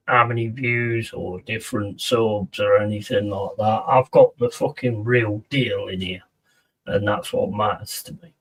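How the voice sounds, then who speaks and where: A man talks loosely to his stream audience, swearing often and reacting to chat as it comes in. His voice sits at an ordinary middle pitch. He sounds a little back from the microphone. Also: a bit bright, recorded from a distance. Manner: swears a lot, chatty, reacts to viewers' messages. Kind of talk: casual live-stream chat.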